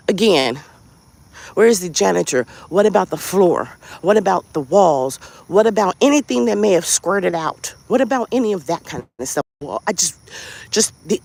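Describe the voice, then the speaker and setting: Out on a walk, a podcast host tells a story in a casual monologue, swearing freely and firing off rhetorical questions in an animated way. The voice is medium-pitched, moderately paced and creaky, with no room sound.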